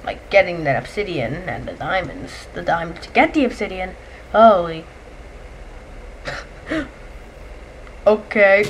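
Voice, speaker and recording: A woman giving casual gameplay commentary, excitable and chatty, yelling and shrieking when monsters attack and chatting to the creatures. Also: lowish voice, slow pace, long pauses, a little hiss or hum. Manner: excitable, shrieks and yells at enemies; chatty, talks to game creatures. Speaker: let's play gamer.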